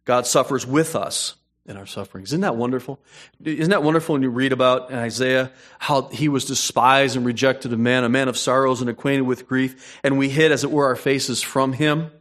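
A man preaching a sermon, moving between hushed storytelling and emphatic, rising points. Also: medium pitch, fairly even intonation, normal speed. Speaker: pastor.

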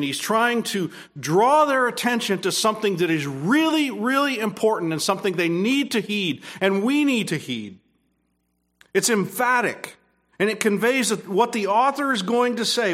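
A man's voice: high voice, fairly bright tone. A man pastor preaching a sermon, earnest, repeating phrases and restarting, rising emphatically when pressing a point.

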